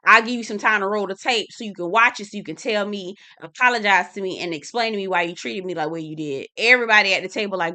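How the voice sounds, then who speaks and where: A woman's voice: medium pitch, fast talker, hardly any pauses. A woman hosting a reality TV recap video, chatting sassily and calling her viewers "girl" and "y'all". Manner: laughs and teases, animated.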